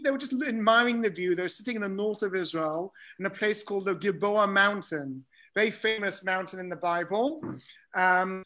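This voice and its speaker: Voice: medium pitch, pushed and bright. Chatty webinar speaker with an everyday voice. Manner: chatty, anecdotal, with fillers. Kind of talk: casual webinar talk.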